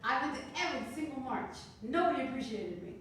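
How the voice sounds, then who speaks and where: A woman's voice: high voice, lively intonation, fast talker, a little hiss or hum. A woman of thirty performing a stand-up comedy set on a club stage, playful and laughing at her own jokes. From Canada. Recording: roomy club sound from a distance.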